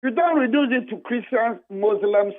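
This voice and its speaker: A man's voice: very high-pitched, moderate pace. A Ghanaian man, a party official, speaking emphatically and repetitively as a radio guest, switching between English and Twi. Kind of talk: heated radio phone-in talk. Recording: phone-line audio.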